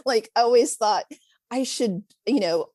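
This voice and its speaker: A woman, a former preschool teacher, telling classroom stories as a podcast guest, animated and laughing often. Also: on the high side, unhurried, no room sound. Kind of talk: casual storytelling interview.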